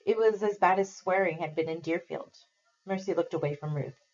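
A woman's voice: on the low side, a little fast, a little mellow, muffled recording. Woman reading a novel aloud to class.

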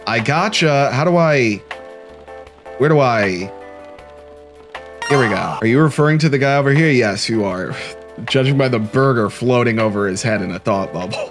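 A man narrates his game playthrough with a joking, animated manner. His pitch sits mid-range but swings widely. Faint game music plays behind his voice. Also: normal speed. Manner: joking, animated, often laughing. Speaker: let's play host. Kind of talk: playthrough commentary.

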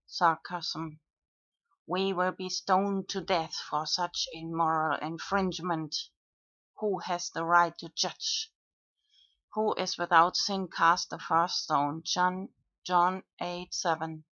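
Slow, flat-voiced woman vlogger. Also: fairly low pitch, no room sound. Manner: slow, flat, with frequent pauses and fillers. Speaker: video blogger. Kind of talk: monologue reading out own comments. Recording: dull lo-fi dry recording.

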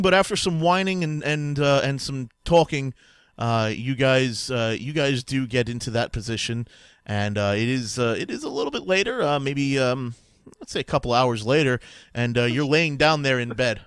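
A man narrating a tabletop game as game master, hesitant with many pauses and quick to laugh. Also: medium pitch, expressive, a bit bright, clear, resonant tone, dry recording.

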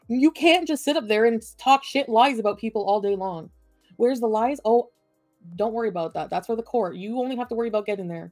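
Woman streamer cussing out her chat, mellow voice, dry close mic, faint music behind. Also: mid-range voice, a little fast, vocal fry, no echo. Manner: profane, combative and sarcastic. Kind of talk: livestream rant at chat.

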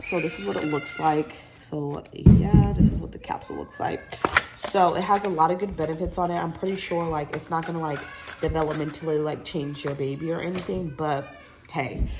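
At home, a young woman vlogger casually shows off a shopping haul, chatty and rambling with plenty of fillers. Her voice is on the low side and a little mellow, she sounds a bit congested, and the home recording is noisy.

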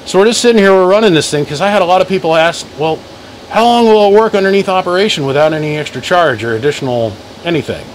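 A man talking loudly in his workshop, running a live-stream battery test, calling out "one, two" mic checks and greeting viewers by name. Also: high voice, lively intonation, quick pace, a little hiss or hum, rough recording. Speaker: host testing a car-audio battery. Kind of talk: casual live-stream demo. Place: workshop garage. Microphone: phone mic for live feed plus chest mic.

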